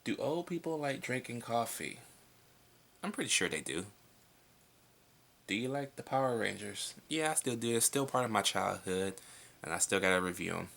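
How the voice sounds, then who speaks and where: A man's voice: mid-range voice, animated, moderate pace, gravelly, pauses often, sharp tone. A young man answering viewer questions in a casual vlog at home at night. He is laid-back and blunt, and he swears freely.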